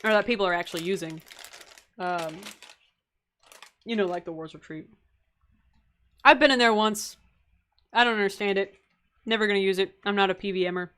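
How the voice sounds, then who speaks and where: A young woman chats her way through a live game stream, answering viewer questions in a loose, rambling way. She laughs often between answers and fills her pauses with ums and asides. Her voice sits at a middle pitch for a woman. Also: fairly bright tone. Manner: rambling, with many fillers and asides. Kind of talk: casual live-stream chat.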